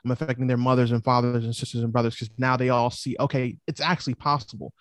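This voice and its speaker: Animated male podcast guest. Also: medium pitch, fast talker, no room sound. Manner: animated, lively storytelling. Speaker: real estate investor guest. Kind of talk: casual interview chat.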